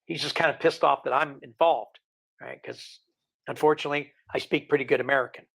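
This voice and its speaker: A man's voice: a little high, steady tone, brisk, vocal fry, fairly bright tone, slightly rough. A middle-aged man from the UK, a guest telling casual, rambling stories full of quoted dialogue. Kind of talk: casual storytelling.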